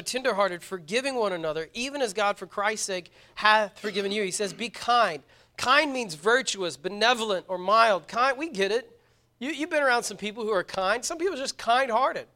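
High bright-voiced pastor preaching. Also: male voice. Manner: earnest, emphatic, repeats words when stressing points. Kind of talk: sermon.

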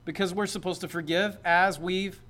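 A man's voice: sits high, fairly even intonation, moderate pace, sharp tone. A man, a pastor, preaching a sermon in a conversational, joking way that builds to emphatic points.

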